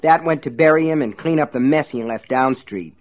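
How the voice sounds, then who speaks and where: A man's voice: on the high side, fairly quick, highs cut off, voice pushed up, close to an everyday voice. A man doing a dazed, hot-tempered small-town guy. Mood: furious. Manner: thick, sleepy, then furious.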